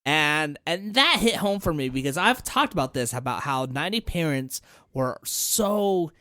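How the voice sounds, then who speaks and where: Lively, expressive man in casual chat. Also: a little high, unhurried, dry recording, clean studio sound. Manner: animated storytelling, swears freely. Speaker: podcast guest.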